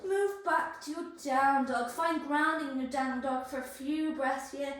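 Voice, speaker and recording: A high-voiced woman guiding a yoga flow, cueing each pose and breath with encouragement. She is out of breath from the effort. Her voice rings through a very echoey room, picked up from a distance. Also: unhurried, a bit bright. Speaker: yoga instructor. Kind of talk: guided yoga class instruction.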